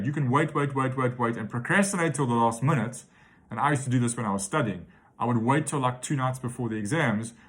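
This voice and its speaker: A man in his forties hosting a motivational podcast, telling a personal story in a reflective way with frequent fillers. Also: mid-range voice. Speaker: podcast host.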